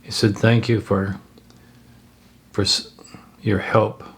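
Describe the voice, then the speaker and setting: A man spins a story off the cuff, pausing and restarting as he goes. His voice sits fairly low and he takes his time, letting each phrase come out slowly. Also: level tone, slight background noise. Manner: halting, with frequent fillers and restarts. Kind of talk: unscripted spoken storytelling.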